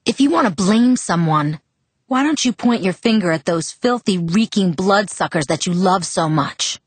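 A woman's voice: fairly low pitch, animated, moderate pace, breathy edge, dry recording. A woman reading the lines of a sullen, angry teenage boy, curt and tense. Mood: bitter.

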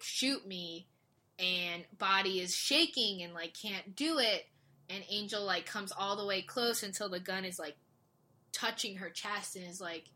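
A woman casually recapping a drama series, animated and quick, acting out the characters' lines. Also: medium pitch. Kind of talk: casual chat.

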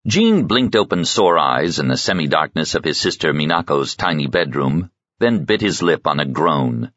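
A man reads a novel aloud in steady, even narration with a very deep voice. The recording is dry and close, with a slightly dull, lo-fi tone. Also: moderate pace, dry recording. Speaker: audiobook narrator. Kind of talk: scripted narration.

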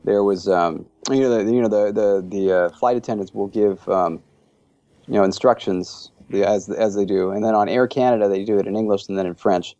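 Low gravelly-voiced man, guest on a podcast. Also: steady tone, fairly quick, mellow, dry recording, highs cut off. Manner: enthusiastic, rambling with many fillers. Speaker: interview guest, language creator. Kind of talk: casual interview chat.

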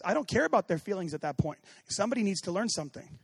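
A man preaching with a high, lively voice that climbs to shouts and drops to near whispers. He acts out quoted voices as he goes. The sound is dry and close. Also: rapid-fire, creaky, husky, dry recording. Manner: animated, swings from shouting to hushed. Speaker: pastor. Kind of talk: sermon.

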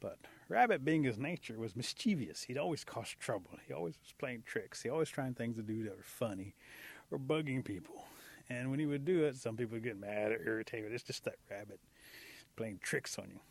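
Husky-voiced man telling a folktale. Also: mid-range voice, brisk. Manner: animated, lingering on key words. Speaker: storyteller. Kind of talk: oral folktale storytelling.

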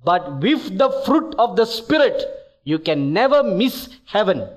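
A male preacher giving an emphatic, deliberate sermon in a church, building to exhortations. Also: high-pitched, very animated.

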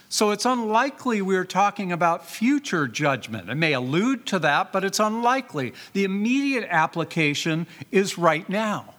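A man with a high voice preaches a sermon to his congregation, stressing key words and asking rhetorical questions. His voice rings with a long reverb, as if it fills a large church hall. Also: a bit bright. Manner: rhetorical questions, emphatic repetition, reads scripture aloud. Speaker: pastor.

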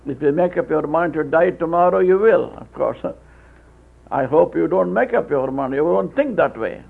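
A man preaching a sermon, with halting restarts, telling stories and acting out voices. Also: a little high, expressive. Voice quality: gravelly, husky. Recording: tinny phone-like old tape.

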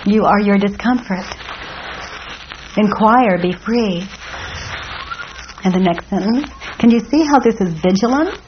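A woman leading a guided self-inquiry dialogue, speaking calmly and deliberately, posing questions. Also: mid-range voice. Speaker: workshop facilitator. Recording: dull lo-fi sound with faint noise.

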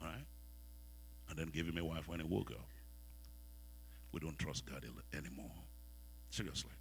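A man with a West African accent preaching a sermon in a church, asking the congregation questions and swinging from soft, quiet lines to loud ones. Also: a bass voice, moderate pace, vocal fry, a little hiss or hum. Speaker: pastor.

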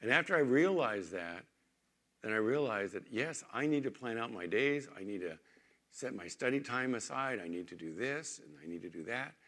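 A man preaching a sermon as pastor, conversational, moving between emphatic points and quiet storytelling in a church. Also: mid-range voice, animated, normal speed.

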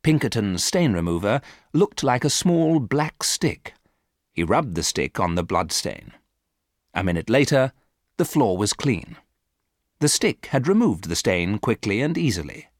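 A man reading a storybook aloud for learners, in a clear, deliberate way. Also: on the low side, sing-song, dry recording, studio quality. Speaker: narrator.

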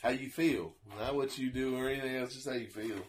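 A man's voice: mid-range voice, steady tone, a little fast. Laid-back father chatting with a faint hiss. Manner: laid-back, laughing, mildly profane. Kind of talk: casual chat.

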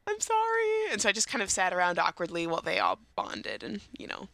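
A young woman co-hosting a casual chat show, talkative and quick to laugh, often restarting her sentences. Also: lowish voice, big pitch swings, creaky, pushed and bright, dry recording. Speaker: co-host.

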